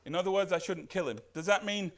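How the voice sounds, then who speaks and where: A man preaching a sermon as pastor, animated and putting questions to the congregation. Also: high-pitched, fast.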